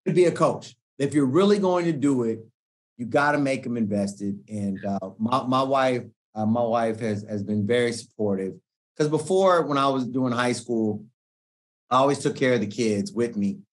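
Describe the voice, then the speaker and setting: Animated middle-aged man telling coaching stories. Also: mid-range voice, moderate pace. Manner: animated slangy storytelling, acts out quoted speech. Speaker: guest, sports coach. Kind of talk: casual podcast conversation.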